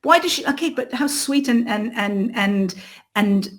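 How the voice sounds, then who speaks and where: A woman's voice: a little high, expressive, normal speed. A woman novelist appearing as a podcast guest, arguing provocatively in casual chat, with many restarts. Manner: forceful, provocative, with repeated restarts. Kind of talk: casual conversational interview.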